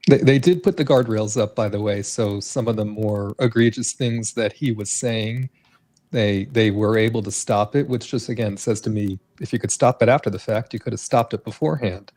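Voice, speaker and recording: A man on a casual livestream panel, speaking in a measured, reasoned way. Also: on the low side, a little mellow.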